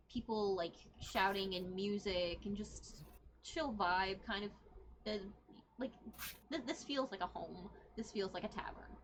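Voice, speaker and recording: A woman's voice: medium pitch, a bit bright, rough recording. Woman GM, casual rambling narration, slight background noise. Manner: rambling, many fillers. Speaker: game master. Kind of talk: narrating a tabletop game.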